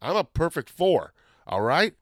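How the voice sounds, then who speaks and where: A man hosting a podcast in casual chat, rambling and excitable, often losing his train of thought. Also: fairly high pitch, measured pace, no echo. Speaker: podcast host.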